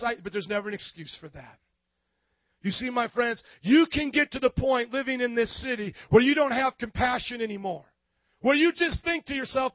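A man preaching a sermon as pastor, with impassioned delivery that rises into shouts. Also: sits high, brisk, no echo, dull audio.

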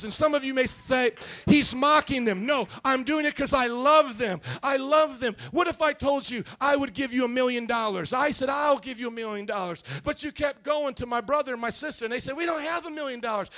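A middle-aged male pastor preaching a sermon, calling out to the congregation and rising to shouts. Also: very high voice. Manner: call-and-response, rising to shouts.

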